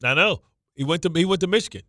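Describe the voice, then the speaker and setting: Male sports radio host, nervous stammering banter, bright and dry. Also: fairly high pitch, animated, quick pace, dry recording. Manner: stammering, repeats himself, nervous joking. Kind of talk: excitable sports talk banter.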